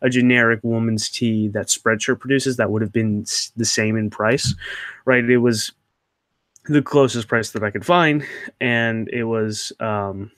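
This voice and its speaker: A man's voice: medium pitch, fairly even intonation, a little slow, a bit bright, no echo, studio quality. A young man hosting his channel, answering viewer questions in a rambling, hesitant way with many fillers and restarts. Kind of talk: casual Q&A chat.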